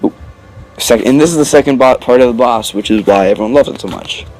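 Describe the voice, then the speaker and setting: A man with a medium-pitched, slightly mellow voice talks fast, giving casual, rambling commentary on a game he just played. He jokes, cuts himself off, and uses plenty of filler words, recorded roughly on a desk mic after the session.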